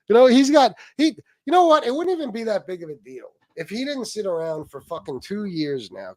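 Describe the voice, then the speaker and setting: A man's voice: medium pitch, a little mellow, no echo, studio quality. A middle-aged man hosting a livestream, ranting and mocking a rival with heavy swearing and asides to viewers. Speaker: livestream host. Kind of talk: casual profane rant.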